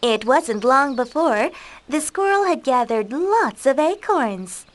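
A woman narrating a children's storybook with a slow, clear, expressive delivery. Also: high-pitched.

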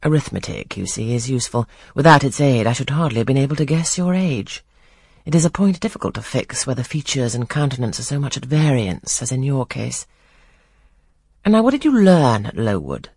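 A stern, imperious gentleman who fires off curt questions and orders as if used to being obeyed, as a reader puts him on in an audiobook. The voice is husky and breathy, set in a dry, close sound. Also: medium pitch, sing-song, a little fast, no echo. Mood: commanding. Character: stern brusque older gentleman, commanding. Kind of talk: audiobook reading of a classic novel.

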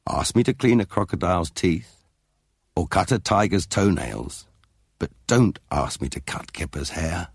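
A man's voice: deep voice, expressive, measured pace, creaky, breathy edge, no room sound, clean studio sound, exaggerated voice. A man reading a storybook, voicing a flustered mother who exclaims dramatically. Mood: reluctant.

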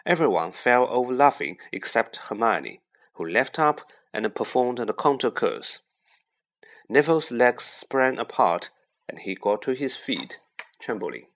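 A man narrating an audiobook in a measured, expressive way. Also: mid-range voice.

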